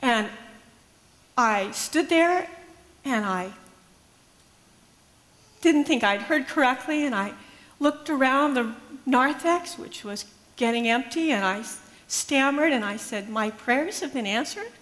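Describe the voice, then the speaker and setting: A woman's voice: sits high, lively intonation, a bit bright. Earnest woman pastor telling a story. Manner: earnest, measured, reflective. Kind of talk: personal faith storytelling. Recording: long hall reverb.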